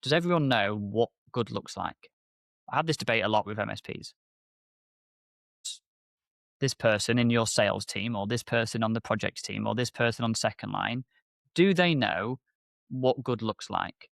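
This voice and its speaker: A man's voice: moderate pace, vocal fry, long pauses, no echo, clean studio sound. A man co-hosting a casual business podcast, telling stories and acting out conversations with lots of energy. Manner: animated storyteller, acts out exchanges with rising pitch. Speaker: podcast co-host, MSP business owner.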